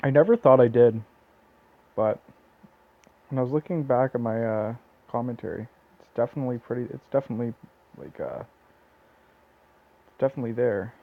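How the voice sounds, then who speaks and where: A man with a Southern Ontario Canadian accent gives casual let's-play commentary in a medium-pitched voice with vocal fry, speaking at a normal speed but pausing often. He rambles, full of fillers and restarts, and the audio is tinny and lo-fi, like a phone mic.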